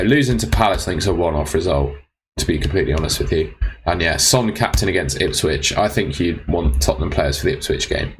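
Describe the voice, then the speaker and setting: A man's voice: low voice, background noise. A young man casually answering viewers' fantasy football questions on a live stream, laid-back and teasing.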